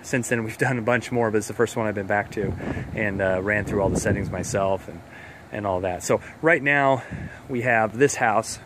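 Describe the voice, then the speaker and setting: A heating contractor gives a casual walkthrough of a home install, moving between the inside and outside of the house. His voice sits on the low side at a moderate pace, and he's chatty and a little out of breath, explaining on the move with plenty of fillers. Background noise runs underneath.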